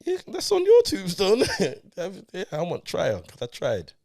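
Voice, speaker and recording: A man's voice: sits high, huge pitch swings, unhurried, gravelly, darkish tone. A young man co-hosting a film review podcast in casual chat, laid-back and full of "yeah, yeah".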